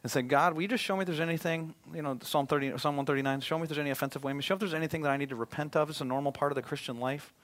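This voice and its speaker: A male pastor preaching a sermon, swinging from loud emphatic appeals to a hushed, prayerful tone. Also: on the high side, steady tone, very fast, few pauses.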